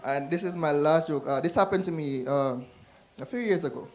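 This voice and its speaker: A man's voice: a little high, a little fast, a little mellow. Jamaican man doing stand-up. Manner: puts on voices for characters in his jokes. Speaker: stand-up comedian. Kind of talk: stand-up comedy set. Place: comedy club stage.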